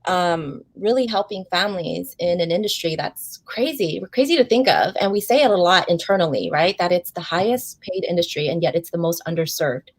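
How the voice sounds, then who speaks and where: Woman host, super gushy and excited, talks to "guys", dry close audio. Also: on the low side, brisk, hardly any pauses, no room sound. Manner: effusive, gushing, addresses audience as "guys". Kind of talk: enthusiastic interview chat.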